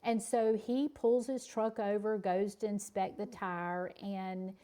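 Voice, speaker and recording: A woman with a Southern US accent chats on a casual podcast. She tells stories in a slow, drawn-out, rambling way, with a voice of ordinary middle pitch. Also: level tone, mellow. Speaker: podcast co-host. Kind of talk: casual chat, storytelling.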